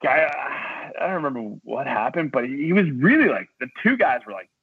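A man's voice: medium pitch, fairly quick, husky, no room sound. Laughing Canadian man on a tinny line. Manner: laughing, animated storyteller. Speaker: guest chef. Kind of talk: casual chat. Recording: tinny phone-like sound.

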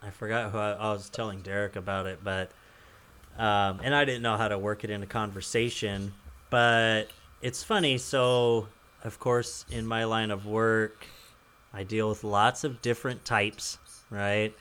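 A man's voice: fairly low pitch, steady tone, a little slow, fairly bright tone, clear, resonant tone. Chuckling man telling a rambling story. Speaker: podcast host. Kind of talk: casual podcast chat.

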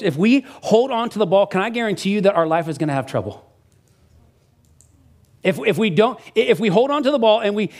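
Male pastor, middle-aged, slightly higher voice, relaxed storytelling sermon, restarts his sentences. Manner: conversational, animated storytelling with frequent restarts.

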